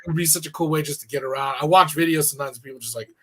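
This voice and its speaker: A man's voice: fairly high pitch, very fast, sharp tone. A man hosting a talk radio show, asking long, rambling questions in a casual conversational way. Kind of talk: radio interview.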